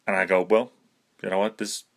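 A man's voice: sits low, level tone, fairly quick, vocal fry, a bit bright. A young man rambling to camera in a self-mocking way, swearing casually and breaking into nervous laughter. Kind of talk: rambling monologue.

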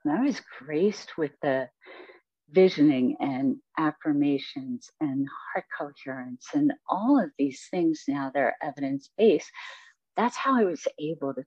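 A woman guest reflects on her life in an interview, rambling and using many fillers. Her low, husky voice has lively intonation and an unhurried pace. There's no echo, and the recording sounds dull and dry.

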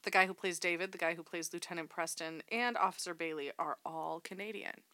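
A woman on a chatty podcast, offering film facts and laughing along with her co-hosts. Her voice is smooth and bright, and the recording is dry and close. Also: fairly low pitch, a little fast, no room sound. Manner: chatty, adds film trivia, laughs often. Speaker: podcast co-host. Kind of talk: casual chat.

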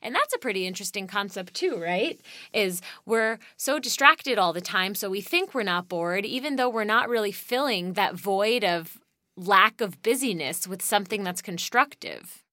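Bright-voiced young woman podcaster. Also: mid-range voice, animated, normal speed, no echo, clean studio sound. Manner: rambling, conversational, thinking aloud with frequent fillers; profane. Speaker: podcast host. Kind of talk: casual solo podcast monologue.

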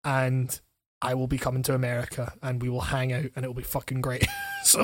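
A man's voice: medium pitch, fairly quick, no echo. A young Scottish man in casual chat, telling stories with lots of swearing and laughter. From Scotland. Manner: profane, animated storytelling with frequent laughs.

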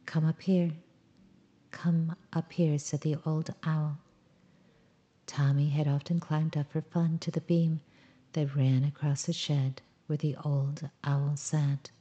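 A woman reading a children's story aloud in a calm, measured storybook style. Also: low-pitched, highs cut off.

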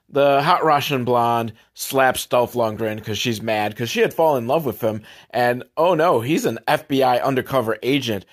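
A man with a medium-pitched voice hosts a comedy podcast and rambles through a movie recap. He keeps slipping into sarcastic asides, and some of them sink into a low mutter. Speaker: podcast host.

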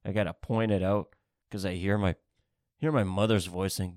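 A man's voice: low voice, fairly even intonation, moderate pace, a little mellow, no echo, clean studio sound. A man ranting casually on a podcast, swearing a lot and jumping from one topic to the next. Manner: rambling, swearing, restless, jumps between topics. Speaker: podcast host. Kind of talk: profane comedic rant.

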